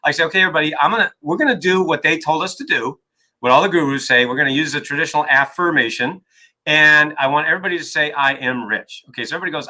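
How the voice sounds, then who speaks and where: A man's voice: fairly high pitch, lively intonation, fast talker, sharp tone, low-quality recording. A man being interviewed as an author and coach, talking emphatically and often checking in with "right?". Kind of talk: energetic interview talk.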